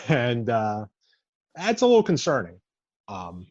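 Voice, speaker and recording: A man co-hosting a casual podcast, explaining his view in a measured way. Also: medium pitch, huge pitch swings, darkish tone, no echo, muffled recording. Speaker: podcast co-host. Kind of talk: casual chat.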